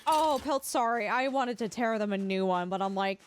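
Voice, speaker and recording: A woman's voice: on the high side, animated, normal speed, hardly any pauses, slight background noise. A woman streamer chatting casually while gaming, telling rambling stories and laughing often. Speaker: Twitch streamer.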